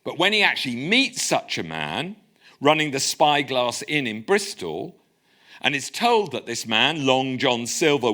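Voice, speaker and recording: Lively man giving a lecture. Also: medium pitch. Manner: lively, conversational lecturing with wry asides. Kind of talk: public lecture. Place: lecture room.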